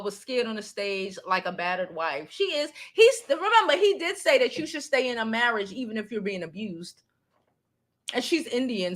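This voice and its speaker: A woman's voice: mid-range voice, a bit bright. A middle-aged woman hosting a live stream, chatting casually and animatedly with frequent fillers and restarts. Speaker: channel host.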